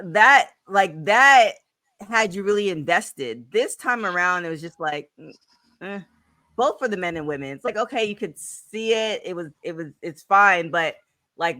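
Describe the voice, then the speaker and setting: A woman hosting a wrestling podcast in casual chat, an animated storyteller with quick asides. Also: lowish voice, no room sound, clean studio sound. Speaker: podcast host.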